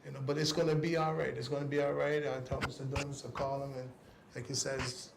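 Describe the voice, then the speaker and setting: A man speaking as a guest on a cycling talk show, giving an earnest, halting spoken tribute that often trails off softly. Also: mid-range voice, level tone, creaky, echoey room, noisy background.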